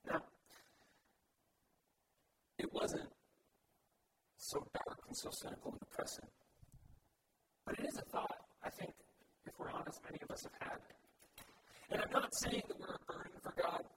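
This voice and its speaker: A man's voice: normal speed, pauses often, distant mic. A man preaching a sermon as pastor, earnest and building his points through repeated emphatic phrases. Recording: loud background noise.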